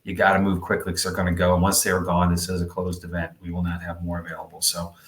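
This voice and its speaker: A man's voice: low voice, monotone, quick pace, roomy sound, a little hiss or hum. A man co-hosting a podcast in meandering, chatty conversation, full of fillers. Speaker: podcast co-host. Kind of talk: casual podcast chat.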